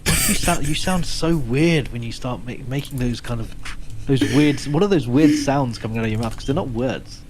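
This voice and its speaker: A man's voice: mid-range voice, normal speed, background noise. Teasing man co-hosting a stream. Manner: playful teasing, stumbling self-corrections. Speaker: co-host. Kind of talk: casual gaming stream chat.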